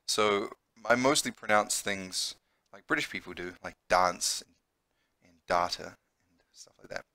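Bright-voiced New Zealand man. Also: fairly low pitch, dry recording. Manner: chatty, explains words like a teacher. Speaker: English teacher. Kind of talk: reading a visual novel aloud with commentary.

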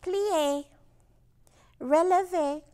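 A woman's voice: extremely high pitch, very slow, mellow, pitched above the performer's own voice, heavily acted. A woman playing a prim, gracious ballet teacher in a storybook read-aloud, speaking formally and giving commands.

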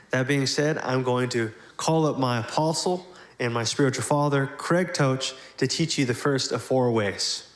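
A man's voice: medium pitch, normal speed. A man pastoring a congregation, speaking earnestly and leading a prayer. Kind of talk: sermon and prayer. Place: church hall. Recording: echoey church hall.

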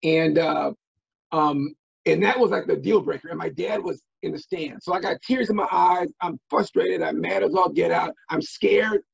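A middle-aged man from Minnesota telling stories as an interview guest, animated and full of restarts and fillers. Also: a little high, normal speed, vocal fry, slightly rough. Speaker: guest, former football player. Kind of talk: casual interview storytelling. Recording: dull lo-fi audio.

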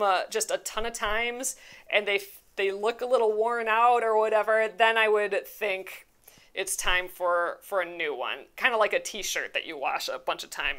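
A young woman with a mid-range, slightly bright voice hosts a live embroidery stream. She chats casually and rambles through viewer questions and comments, with fillers, restarts and easy laughs.

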